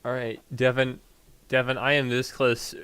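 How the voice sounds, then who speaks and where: A man acting as game master, narrating a tabletop game in casual chat, laughing often and pausing on fillers. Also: mid-range voice, flat delivery, a bit bright, smooth, no room sound.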